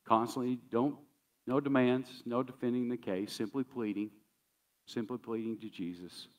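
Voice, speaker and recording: Pastor guy giving a sermon, lowish voice, chatty and emphatic, kinda far from the mic. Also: lo-fi sound. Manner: conversational, emphatic, repeats key phrases.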